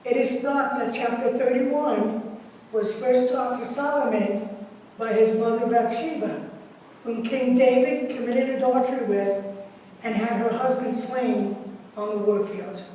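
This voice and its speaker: Woman preacher, fairly high voice, unhurried sermon, distant mic in a reverberant sanctuary. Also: steady tone, dark tone. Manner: slow, deliberate delivery with measured pauses. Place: church sanctuary. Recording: echoey church hall from far off, faint hiss.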